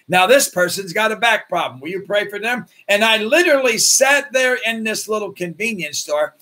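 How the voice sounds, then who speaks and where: A male pastor delivers a storytelling sermon in a high voice that leaps up and down. His tone is bright and a little husky. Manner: animated, acts out voices in his stories.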